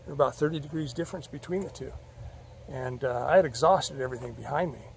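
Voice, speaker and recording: A man telling a personal story in a rambling, halting, earnest way. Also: mid-range voice, slight background noise. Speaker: vlogger.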